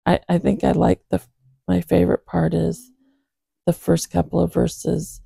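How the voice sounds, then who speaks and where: A speaker with a husky morning voice, gently reading scripture and praying in a slow, reflective way. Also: mid-range voice, monotone, no room sound. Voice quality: gravelly, husky. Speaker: Bible reader and host.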